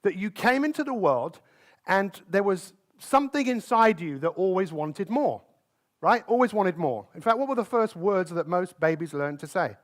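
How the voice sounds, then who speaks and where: This is a live conference talk by a male motivational speaker whose voice sits high. Energetic throughout, he constantly throws rapid questions out to the crowd from the stage.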